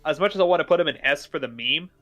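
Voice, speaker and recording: A chatty young man with a bright, clear tone, talking casually over a voice call. He rambles and circles back with plenty of fillers and restarts. Faint music plays underneath. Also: on the high side, animated, racing. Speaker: podcast host ranking cartoon foods. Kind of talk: casual chat.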